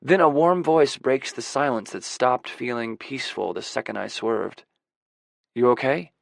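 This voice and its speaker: A man narrating a first-person audiobook in a measured, introspective way. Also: mid-range voice, lively intonation, vocal fry, no room sound. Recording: dry close audiobook recording.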